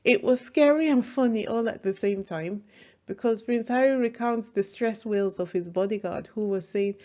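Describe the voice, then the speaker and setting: A woman's voice: medium pitch, normal speed, warm tone, dull audio. A woman hosting a casual book review vlog, chatty and opinionated. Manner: chatty, opinionated, laughs easily.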